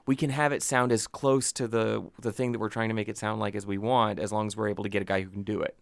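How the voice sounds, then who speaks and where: A man's voice: fairly low pitch, flat delivery, fast, creaky, no room sound. A man co-hosting a comedy podcast, explaining things at length with teasing asides. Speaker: podcast co-host. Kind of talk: casual comedy chat.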